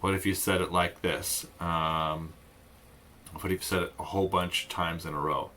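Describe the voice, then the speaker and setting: A man's voice: low-pitched, fairly even intonation, normal speed, bright, forceful tone, slight background noise. A man teaching an online music lesson for kids, playful and demonstrative, with a lot of singing and voice play. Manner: playful, sings and demonstrates voice sounds.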